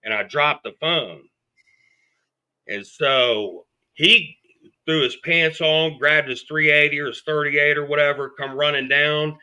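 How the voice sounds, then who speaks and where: Man guest, blunt profane storyteller, very bright cutting voice. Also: on the high side, a little slow, smooth. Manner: blunt and profane, acting out what people said. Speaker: podcast guest. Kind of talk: storytelling in an interview.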